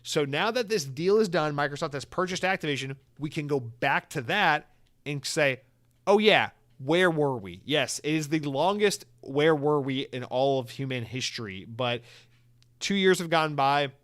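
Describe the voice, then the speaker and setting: A young man hosting a solo podcast, talking casually and jokily with swearing and quick asides. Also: fairly high pitch, animated, a bit bright. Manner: casual, profane, joking riffs with put-on voices. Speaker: podcast host.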